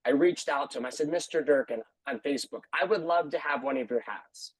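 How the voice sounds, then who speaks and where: A man's voice: a little high, fairly quick, husky, dry recording, rough recording. A man who runs a martial arts school, talking earnestly on a video call panel and repeating phrases for emphasis.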